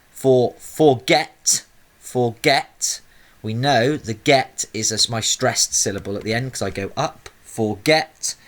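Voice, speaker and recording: A man's voice: lowish voice, fairly bright tone. A man teaching a spelling lesson to young schoolchildren, explaining patiently and sounding out words syllable by syllable. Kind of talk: recorded spelling lesson for children.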